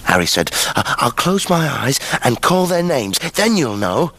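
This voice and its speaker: A man's voice: medium pitch, big pitch swings, unhurried, sharp tone, slightly rough, no echo, full character voice. A British man playing a cheery grown-up character on a children's TV show, chatty and chuckling as he tells a story.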